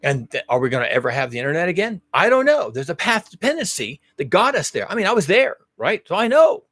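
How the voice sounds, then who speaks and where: A man's voice: fairly high pitch, big pitch swings, quick pace, pushed and bright, husky, no room sound. Emphatic man musing in rhetorical questions. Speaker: host. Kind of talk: casual monologue.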